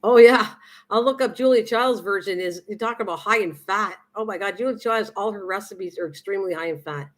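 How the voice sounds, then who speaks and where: A woman's voice: medium pitch, a little fast. A middle-aged woman chatting casually with viewers during a cooking live stream, rambling with many restarts and fillers.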